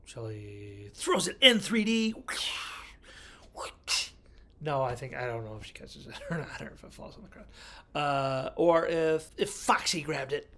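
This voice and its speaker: A man's voice: on the high side, sing-song, unhurried, pauses often, bright, forceful tone. Chatty man recapping a movie. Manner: chatty storyteller, acts out characters' lines. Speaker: movie reviewer.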